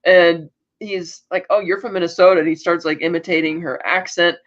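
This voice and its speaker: A man's voice: sits high, fairly even intonation, brisk, fairly bright tone. A man co-hosting a podcast, recapping an episode in casual chat, rambling with lots of "like" and restarts. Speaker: podcast co-host. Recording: dull lo-fi recording.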